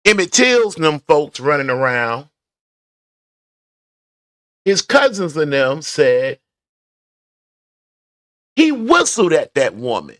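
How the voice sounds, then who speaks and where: A man's voice: fairly high pitch, huge pitch swings, slow, pauses often, a bit bright, no room sound, clean studio sound. A man talking casually to his viewers, rambling through his thoughts. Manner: conversational, rambling, talks to viewers. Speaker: vlogger. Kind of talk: casual commentary while driving to work. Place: garage.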